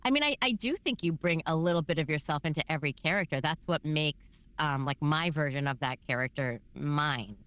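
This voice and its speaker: A woman voice actor talks through her work in a casual interview. She rambles warmly with many fillers and animated asides. Her voice sits low and the sound is dry and close. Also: a little fast, hardly any pauses, dry recording. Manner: chatty, filler-heavy, animated storytelling. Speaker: voice actor guest.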